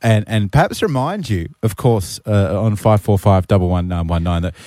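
A man's voice: on the low side, expressive, moderate pace, mellow, a little hiss or hum. An Australian man hosting a breakfast radio show, bantering and cracking dry jokes with his co-host and callers. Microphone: studio mic.

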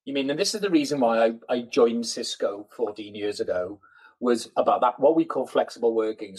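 A man's voice: medium pitch, a little mellow, low-quality recording. A man from South Wales with a Welsh accent, a guest chatting casually on a podcast and rambling through many fillers and restarts. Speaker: guest, IT collaboration lead.

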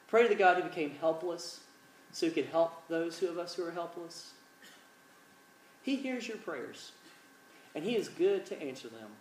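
A man's voice: a little high, a little hiss or hum. Man preaching in an echoey room. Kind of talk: sermon with storytelling and prayer. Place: large room, evening gathering. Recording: echoey, distant mic, faint ambience.

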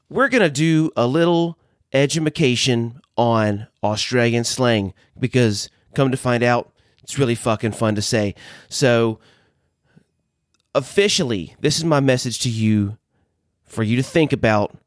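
A man's voice: medium pitch, dry recording, studio quality. A man hosting his own podcast, talking casually and playfully, with some swearing and laughing at his own jokes. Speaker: podcast host. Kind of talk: casual solo podcast monologue.

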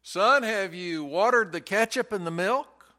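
A crooked shopkeeper dad hollers down a stairwell to his son, as a preacher puts him on. The voice is bright and clear. It is pitched a little above the preacher's own. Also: fairly even intonation, unhurried. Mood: yelling. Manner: calling out loudly. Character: scheming middle-aged grocer father yelling downstairs.

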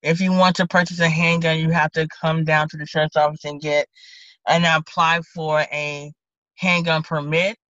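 A county deputy sheriff with a Southern accent tells a work story in a casual interview, her deep voice bright and pushing forward at a moderate pace. She animatedly acts out both herself and the people she spoke with. The podcast audio is dry, dull and lo-fi, with no echo.

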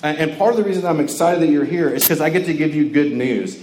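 A young man from Georgia with a fairly high, darkish voice talks quickly through a casual, joking campus sermon full of fillers. The recording has an echoey hall, faint ambience, and slight hiss or hum.

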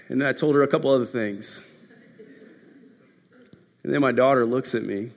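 A man preaching a sermon as a pastor, telling a story and swinging from loud passages to hushed ones. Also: mid-range voice, moderate pace, pauses often. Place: church hall. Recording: echoey hall.

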